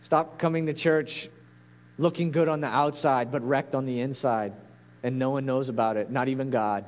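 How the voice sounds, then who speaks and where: A man's voice: mid-range voice, fairly even intonation, moderate pace. A man preaching a sermon as a pastor, earnest and pleading, building to intense peaks.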